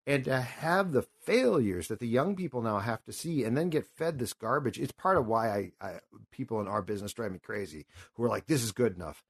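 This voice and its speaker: A man in his fifties hosts sports talk radio at a middle pitch, and his talk rambles from one story to the next. He grows impassioned and emotional as he goes. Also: lively intonation, fairly quick, hardly any pauses, husky. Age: 50s.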